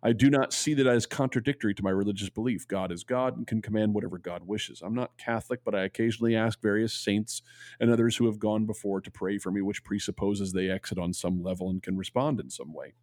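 A man's voice: lowish voice, fast, darkish tone, no room sound. A man co-hosting a talk show, reading a listener's letter aloud and telling stories, earnest, with stammers when he ad-libs. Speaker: podcast co-host.

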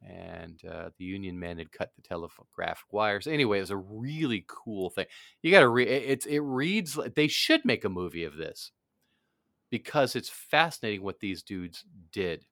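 A man's voice: on the low side, animated, moderate pace, creaky, fairly bright tone, no room sound, studio quality. A man in casual chat, telling a story in a loose, rambling way with trailing restarts.

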